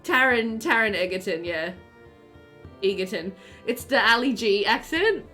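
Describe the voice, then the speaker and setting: A woman's voice: a little high, lively intonation, a little slow, bright, forceful tone, faint music behind. A woman streamer chatting casually and animatedly with viewers while playing a game, often laughing.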